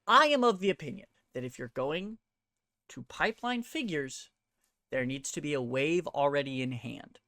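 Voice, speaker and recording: A woman's voice: low voice, animated, moderate pace, a bit bright, dry recording, clean studio sound. A woman hosting her own vlog, ranting in a blunt, profane and heated way and throwing rhetorical questions at the viewer. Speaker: host. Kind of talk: ranting toy-collector vlog.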